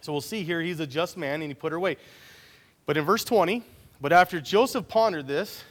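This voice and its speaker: A man with a somewhat high voice delivers a relaxed, conversational sermon as he works through a Bible passage. He speaks plainly, as if chatting with his congregation, and keeps asking "right?" to draw them in. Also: brisk. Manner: casual, often checks in with listeners by asking "right?". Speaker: preacher.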